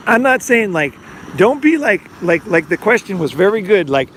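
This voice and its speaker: Middle-aged man, podcast host, rambling casual monologue, lots of "like", somewhat high voice, faint street noise behind. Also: big pitch swings, normal speed, a bit bright. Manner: rambling, filler-heavy, acts out quoted dialogue. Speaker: podcast host and life coach.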